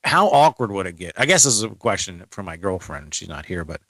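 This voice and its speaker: A man's voice: sits low, very animated, brisk, sharp tone, no room sound. A man, co-hosting a casual podcast, rambling and asking lots of questions. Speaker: co-host.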